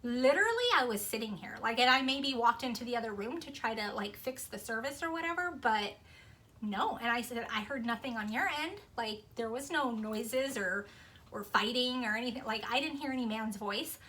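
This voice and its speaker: Chatty bright-voiced young woman vlogger. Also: on the high side, normal speed. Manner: chatty, rambling, lots of fillers. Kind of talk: casual storytelling to camera.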